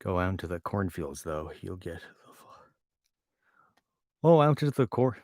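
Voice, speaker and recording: A man's voice: sits low, very animated, normal speed, a little mellow, no room sound, studio quality. A man doing an exaggerated Minnesota accent, joking and ending lines on "eh". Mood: jokey. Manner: jokey, drawling, ending lines on eh. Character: man in a broad upper-Midwest accent. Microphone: home microphone.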